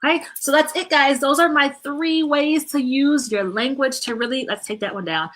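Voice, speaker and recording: Bright, animated woman giving parenting advice. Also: high voice, normal speed. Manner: animated, chatty, keeps asking "right?". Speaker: parenting vlogger and mother. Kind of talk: casual advice vlog.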